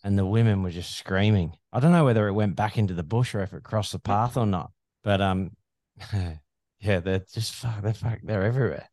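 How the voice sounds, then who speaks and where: Deep-voiced laid-back man. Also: normal speed, a little mellow, no echo, clean studio sound. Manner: laid-back, swears casually. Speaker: podcast co-host. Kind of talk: casual chat.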